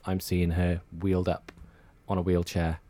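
A man's voice: deep voice, monotone, normal speed, warm tone. A man chatting in a radio interview, rambling and repeating words as he tells stories. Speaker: hospital radio presenter. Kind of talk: casual radio interview chat.

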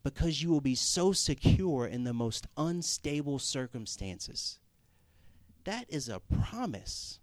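A man's voice: medium pitch, very animated, slow, no echo. A young man preaching a sermon in a conversational way, rising to emphatic Scripture reading.

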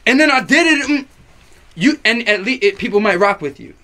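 A young man, a rapper on as a podcast guest, telling a party story in casual chat, animated and profane, packed with fillers. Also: high-pitched, fairly quick.

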